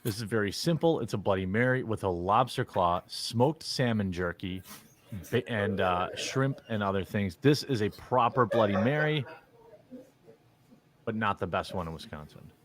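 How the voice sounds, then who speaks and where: A man's voice: lowish voice, lively intonation, normal speed, background noise. A man giving casual commentary as a streamer, blunt and opinionated in a mock-serious way.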